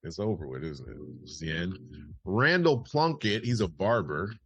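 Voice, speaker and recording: A man's voice: extremely low pitch, expressive, brisk, breathy edge, dry recording, lo-fi sound. A man hosting a casual news podcast, reading headlines and adding wry, chatty asides. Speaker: podcast host.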